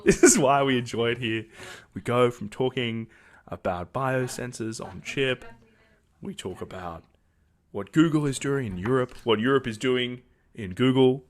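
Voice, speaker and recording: A man's voice: medium pitch, measured pace. A man with an Australian accent hosting a podcast in a casual, upbeat and joking way, rambling between topics. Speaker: podcast host. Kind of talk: casual show hosting with sponsor reads.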